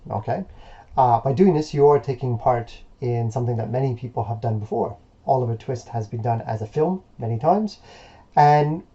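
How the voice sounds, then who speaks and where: A male teacher giving a recorded remote lesson in a relaxed, encouraging way, with plenty of hesitations and fillers. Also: mid-range voice, highs cut off.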